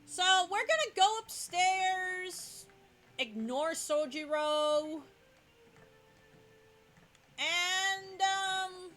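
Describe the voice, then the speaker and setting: A woman's voice: very high-pitched, expressive, drawn-out words, fairly bright tone, soft background music. A woman giving casual, chatty gameplay commentary, often stopping to correct herself. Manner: chatty, self-correcting, laughs easily. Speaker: let's play host.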